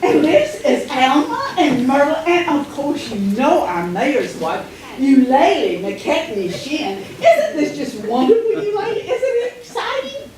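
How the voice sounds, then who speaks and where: Stage musical: woman as an excitable town gossip, high and bouncy, very echoey. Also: a little slow, hardly any pauses. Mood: excited. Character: gushing, gossipy small-town lady. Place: theater stage. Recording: very echoey stage sound from far off.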